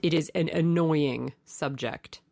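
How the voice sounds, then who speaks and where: A woman's voice: low-pitched, takes it slowly, creaky, mellow, no echo, heavily acted. A woman reading the part of a languid, cynical aristocratic man with an ironic drawl.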